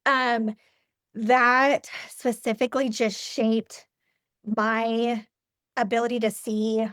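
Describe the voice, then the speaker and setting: A fairly high-pitched woman in her forties speaks as an interview guest. She talks earnestly and reflectively, circling back with fillers and restarts. The sound is dry and close, with no room echo. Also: little pitch movement, slow, fairly bright tone, clear, resonant tone. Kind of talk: personal interview conversation.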